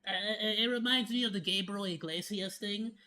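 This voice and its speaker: A man's voice: high-pitched, a little fast, pushed and bright, slight background noise. A man chatting casually as a streamer reacting to a video, joking, laughing often and stumbling over restarts.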